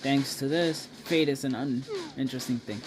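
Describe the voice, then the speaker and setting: A man's voice: medium pitch, moderate pace, lightly acted. Man doing a fried robot vault system, pompous and formal, music playing underneath. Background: background music.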